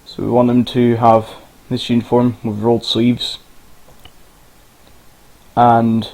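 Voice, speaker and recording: A man talks through a game tutorial in a loose, rambling way. He wanders off track and swears now and then. His pitch sits in an ordinary middle range. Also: completely flat delivery, slow pace, darkish tone, low-quality recording. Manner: rambling, informal, swears casually. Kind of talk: casual screen-recorded game tutorial.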